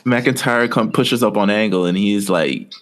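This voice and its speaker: A man's voice: on the low side, measured pace. A man co-hosting a casual wrestling podcast, rambling through a story with lots of quoted asides. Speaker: podcast co-host.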